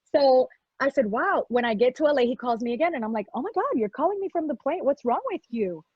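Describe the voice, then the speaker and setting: High-voiced woman telling a lively story. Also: fast, slightly rough, dry recording, muffled recording. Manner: lively, acts out quoted voices, mixes in Spanish words. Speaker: model telling a personal story. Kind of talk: animated storytelling.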